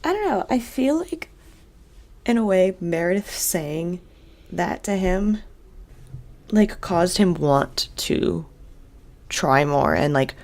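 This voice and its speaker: A woman's voice: lowish voice, lively intonation, slow, vocal fry, pauses often, darkish tone. A young woman co-hosting a podcast, chatting in a laid-back, hesitant way with many fillers. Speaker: podcast co-host. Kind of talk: casual chat recapping a TV episode.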